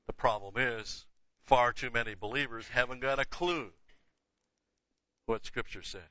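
Older guy teaching the bible, really sharp edgy tone, emphatic, muffled lo-fi sound. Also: medium pitch, unhurried, dry recording. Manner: emphatic, repeats key words, conversational asides. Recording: dull lo-fi dry recording.

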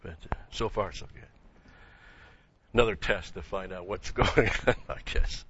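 Halting preacher man. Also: low voice, fairly bright tone, slightly rough. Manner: halting, with many fillers and rhetorical questions. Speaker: Bible teacher. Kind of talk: sermon-style Bible study. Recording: dull lo-fi recording.

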